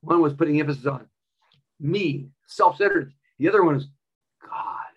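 Lively husky-voiced male preacher. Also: fairly high pitch, moderate pace, muffled recording. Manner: emphatic, repeats key phrases. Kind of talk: sermon with personal story.

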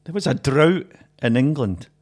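A man, a podcast co-host, telling a joke and chatting casually, animated and laughing often. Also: medium pitch, normal speed.

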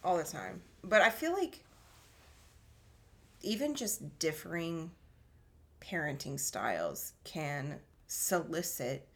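Brief: podcast co-host woman, unhurried and thoughtful, a bit low. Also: big pitch swings, fairly bright tone. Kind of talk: casual chat.

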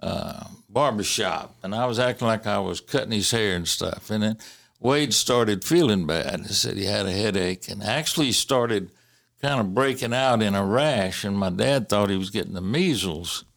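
Halting storytelling man. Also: on the low side, gravelly, a bit bright. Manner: halting, with many fillers and restarts; chuckles while recalling. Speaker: interviewee recalling family history. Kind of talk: casual storytelling.

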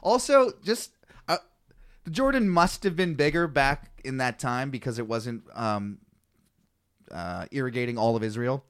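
A man's voice: mid-range voice, animated, measured pace, clear, resonant tone, dry recording, clean studio sound. A man co-hosting a comedy podcast, reading scripture aloud with stumbles and swearing freely. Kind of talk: casual comedic chat.

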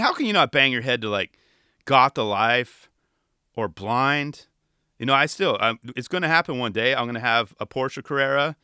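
Animated man with a bright voice. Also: medium pitch, moderate pace, clean tone, dry recording, clean studio sound. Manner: animated, laughing, frequent "you know" fillers. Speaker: show reviewer. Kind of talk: casual video commentary.

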